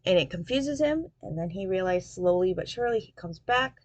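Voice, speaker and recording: Speaking quickly in a fairly low, expressive voice, a woman reviews a romance novel by loosely retelling its story, her wandering account packed with "um"s and "basically"s. The recording is dry.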